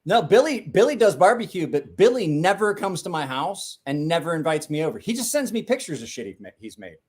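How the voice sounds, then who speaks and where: A man's voice: fairly high pitch, big pitch swings, fairly quick, a little mellow, breathy edge. A man hosting a casual podcast, teasing his friend with lots of swearing and laughter. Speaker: podcast host. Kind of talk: casual banter.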